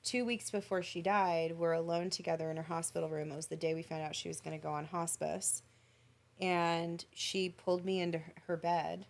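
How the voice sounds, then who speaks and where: A woman's voice: on the low side, little pitch movement, moderate pace, creaky. A woman, a podcast guest, telling an emotional personal story in an earnest, reflective way. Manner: earnest, reflective, tells stories in detail.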